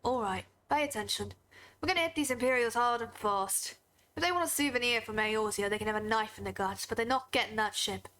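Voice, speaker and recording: A woman reading game dialogue as a rough-edged rebel mechanic rousing his crew for a fight. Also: on the high side, brisk, a bit bright, close to an everyday voice.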